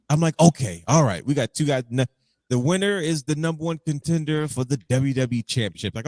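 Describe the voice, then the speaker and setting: Man, podcast co-host, casual chat, lively swooping pitch, dry close sound. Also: a little fast, no echo. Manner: animated storytelling, acting out his own reactions.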